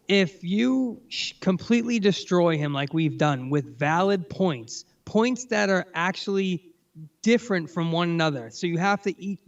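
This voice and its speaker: A man hosting a casual call-in stream, ranting and mocking with lots of swearing, recorded on a distant, dull-sounding mic. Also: on the high side. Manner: profane, ranting, quick to mock.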